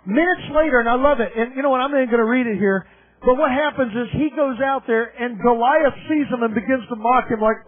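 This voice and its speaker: A man preaching a sermon at a conference, telling a story with animated delivery, voicing the characters and shouting at the peaks. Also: very high voice, brisk, phone-quality sound. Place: conference hall.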